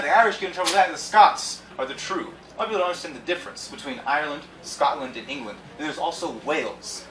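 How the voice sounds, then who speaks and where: A man runs a live improv set, ranting with a lively, sharply bright voice that swings up into shouted punchlines. He sounds slightly high for a man. The sound is roomy and distant, with a faint hiss behind it. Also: quick pace, few pauses. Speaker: improv host. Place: comedy venue with audience. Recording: echoey room from far off, faint noise.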